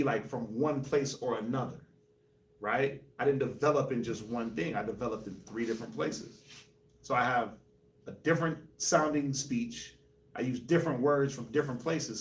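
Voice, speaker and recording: A man from New York, Colorado and Jamaica, hosting a casual group discussion, telling animated stories with laughs. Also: mid-range voice, fairly quick. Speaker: host. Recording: echoey room, mic at a distance.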